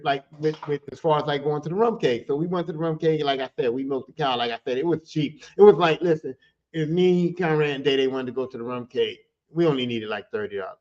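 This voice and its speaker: On a podcast, a man talks fast with the highs cut off, telling a casual story full of streetwise slang and heavy swearing. He's animated, and his pitch shoots up whenever he relives the heated moments.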